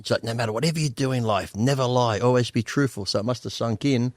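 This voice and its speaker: A man's voice: medium pitch, fast talker, no echo, studio quality. An Australian man in his fifties telling candid stories as an interview guest, blunt and profane, often laughing. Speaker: guest bodybuilder.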